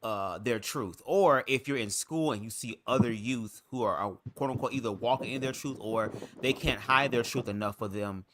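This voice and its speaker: A man's voice: mid-range voice, moderate pace, hardly any pauses, fairly bright tone. A man on a live panel, answering in a reflective way while searching for his words. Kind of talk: casual panel discussion.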